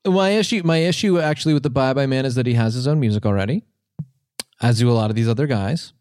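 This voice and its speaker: A man's voice: quick pace, no echo. Rambling, earnest man improvising comedy. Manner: earnest, rambling, pitch jumping up when excited. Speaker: comedy podcast host playing a songwriting teacher.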